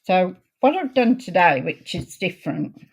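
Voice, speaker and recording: A woman hosting a card-making video, chatting in a homely way while she works, her voice a little croaky. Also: fairly low pitch, very animated. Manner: chatty, homely, unhurried, talks while working. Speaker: craft video host. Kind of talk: casual crafting demo chat.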